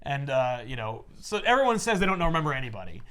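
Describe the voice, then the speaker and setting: A man's voice: medium pitch, big pitch swings, fast talker, a bit bright, smooth. A man casually recapping a comic story with friends, acting out the characters' lines as he goes. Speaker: podcast co-host recapping a comic. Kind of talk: casual chat.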